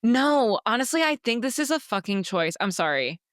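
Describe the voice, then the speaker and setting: A young woman co-hosting a book podcast in casual chat, animated and swearing freely. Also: a little high, normal speed, no room sound, studio quality. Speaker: podcast co-host.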